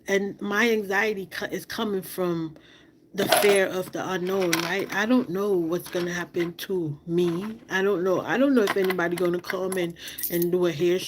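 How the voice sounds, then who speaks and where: A woman's voice: fairly low pitch, slight background noise. A woman on a livestream, speaking in an impassioned, repetitive way and asking many rhetorical questions while fighting back tears. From outside the United States. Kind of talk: emotional livestream monologue.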